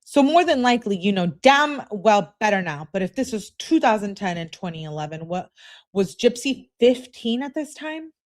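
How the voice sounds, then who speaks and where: A woman's voice: medium pitch, big pitch swings, moderate pace, lightly acted. A woman reading as a stern domineering man. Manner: commanding, demanding.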